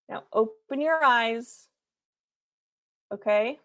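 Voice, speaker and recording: A woman's voice: medium pitch, measured pace, long pauses, a bit bright. A woman hosting a livestream from home, giving viewers an earnest, repetitive pep talk with playful asides. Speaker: livestream host.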